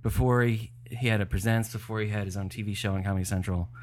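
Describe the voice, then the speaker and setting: A man chatting on a podcast, his voice sitting a little low. He tells stories from the comedy world in a loose, relaxed way. He often chuckles at his own punchlines. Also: fast. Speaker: comedy insider guest. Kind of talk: casual podcast chat.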